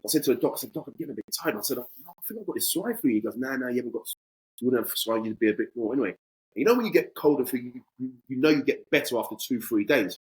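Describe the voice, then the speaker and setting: A man's voice: mid-range voice, very fast, slightly rough, poor audio. A man in his forties, a podcast guest telling a casual anecdote with animation and acting out both sides of conversations.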